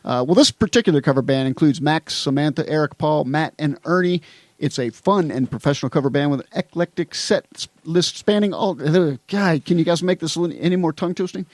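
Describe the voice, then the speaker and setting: Man, radio host, a bit high voice, dry studio sound, trips over words. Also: brisk, darkish tone, dry recording. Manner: stumbling, tongue-tied reading of a script. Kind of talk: casual radio hosting.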